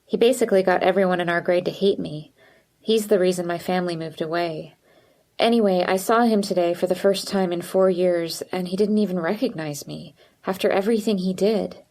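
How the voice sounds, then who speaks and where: A woman's voice: fairly low pitch, a little fast, lightly acted. A woman voicing a nervous, hesitant teenage girl. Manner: hesitant, quiet.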